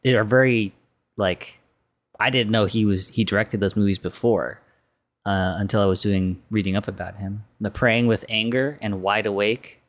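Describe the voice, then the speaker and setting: A man's voice: on the low side, steady tone, normal speed. A man co-hosting a podcast, chatting casually and rambling with hedges and fillers. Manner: rambling, hedging, lots of fillers. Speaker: podcast co-host.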